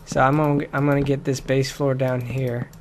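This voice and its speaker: A man's voice: mid-range voice, flat delivery, normal speed, crowd noise. A man hosting a casual game let's play with a joking, rambling, self-mocking way of talking into a desk mic. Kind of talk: casual gaming commentary.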